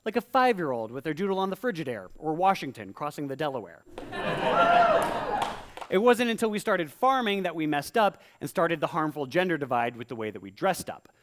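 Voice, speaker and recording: A playful stand-up comic rhymes through a live set on stage and slips into quick voices. The pitch sits a bit above the usual and jumps about. The sound is a stage microphone. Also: male voice, wildly swooping pitch, very noisy. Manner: playful, theatrical, quick vocal impressions. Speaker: stand-up comedian. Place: live comedy stage with audience.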